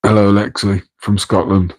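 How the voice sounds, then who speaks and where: Low, flat-voiced Midlands man. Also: moderate pace, poor audio. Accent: English Midlands. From English Midlands. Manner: rambling, self-deprecating, chatting to viewers in chat; keeping his voice down so as not to wake his partner. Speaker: live stream host. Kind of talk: casual late-night live stream chat. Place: home, room next to an aquarium tank. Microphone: microphone on a tripod.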